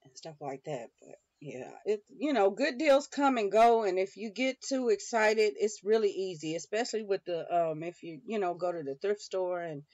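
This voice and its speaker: A woman's voice: mid-range voice, expressive, normal speed, hardly any pauses, a little mellow, dry recording. A woman chatting casually to viewers about homeschooling, rambling with many fillers and restarts. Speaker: homeschooling mom vlogger. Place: home schoolroom. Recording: dull lo-fi dry sound.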